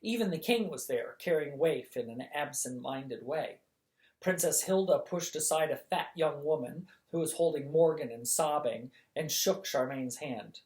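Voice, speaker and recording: A storyteller reading a chapter book aloud in a measured, expressive bedtime style. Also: medium pitch.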